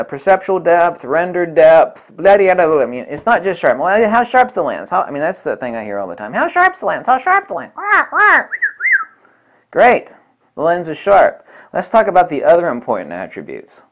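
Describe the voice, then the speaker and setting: A man reviewing camera lenses in a vlog, blunt and combative, swearing often and repeating points for emphasis. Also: on the high side. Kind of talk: ranting product review vlog.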